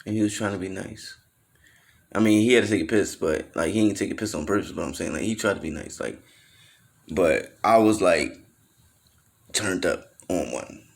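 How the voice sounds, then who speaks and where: Low-voiced man telling a loose story. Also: moderate pace, gravelly, long pauses. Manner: loose slangy storytelling, acts out quotes in raised voices; swears freely, trails off with fillers. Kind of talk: casual storytelling monologue.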